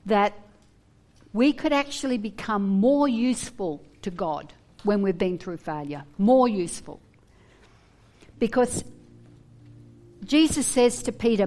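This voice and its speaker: A woman preaching a sermon, earnest and animated, with humorous asides. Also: mid-range voice, unhurried, long pauses, soft background music.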